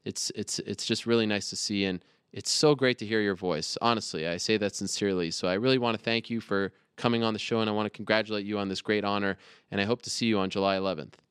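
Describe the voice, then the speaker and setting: Low smooth voice, guy hosting a fight show, earnest, dry close sound. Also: fairly even intonation, quick pace, a bit bright, no room sound. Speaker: host. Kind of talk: interview and show host talk.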